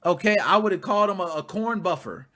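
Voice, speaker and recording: A man in his thirties with a high, bright voice, hosting a casual commentary. He talks straight to his viewers, blunt and profane, and his pitch swings all over as he riffs. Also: expressive, fast talker. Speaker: commentary channel host.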